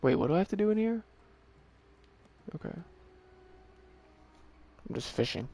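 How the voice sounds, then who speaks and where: A man streaming a video game, talking casually to himself and to the characters on screen, swearing often and getting worked up quickly. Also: high-pitched, sing-song, mellow, a little hiss or hum. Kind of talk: casual gameplay commentary.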